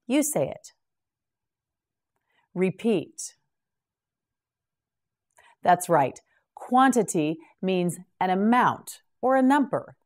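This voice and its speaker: A woman teaching English to beginners, carefully enunciating each word and repeating it in a slow vocabulary drill. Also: medium pitch, big pitch swings.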